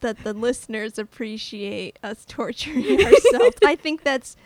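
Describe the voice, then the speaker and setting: A woman's voice: on the high side, big pitch swings, a little slow, no room sound. A young woman co-hosting a podcast in casual chat, giggling often and stumbling over restarts. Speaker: podcast co-host.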